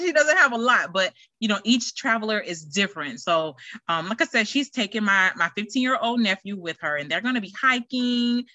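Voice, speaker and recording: A middle-aged woman hosts her own podcast in a casual, rambling chat full of fillers and restarts. Her voice is bright and forward, sitting at a middle pitch. The recording is dry and close, with no room sound. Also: animated, a little fast, no room sound. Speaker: podcast host.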